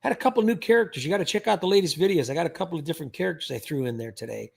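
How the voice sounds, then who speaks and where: A man's voice: a little high, lively intonation, rapid-fire, vocal fry, breathy edge. A man hosting a livestream, chatting casually in a rambling way with frequent restarts. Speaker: livestream host.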